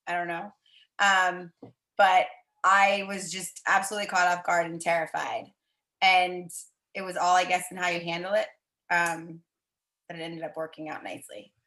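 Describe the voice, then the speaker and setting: A woman chatting on a video call, telling a story in a lively way and acting out the voices she quotes. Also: on the low side, moderate pace, reverberant, poor audio. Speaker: team member sharing a story.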